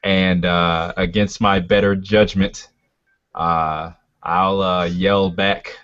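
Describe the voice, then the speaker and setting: A man's voice: low voice, flat delivery, slow pace, a bit bright, smooth. A man playing a tabletop game, describing his character's actions hesitantly with many uhs. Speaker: player. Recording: lo-fi audio.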